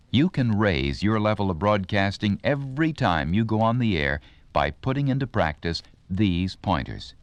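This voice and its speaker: A deep-voiced man reads a scripted instructional narration at an unhurried pace. His delivery is clear and deliberate, like a radio announcer, and his pitch rises and falls with lively emphasis. The recording is dry and close, with no room sound. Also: no echo.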